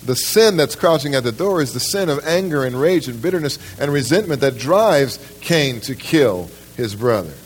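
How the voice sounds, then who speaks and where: A man's voice: medium pitch, lively intonation, normal speed, few pauses, breathy edge. Man preaching a sermon, restarting phrases. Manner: emphatic preaching with frequent restarts and repeated words; addresses the congregation directly with questions. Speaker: pastor. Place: church service.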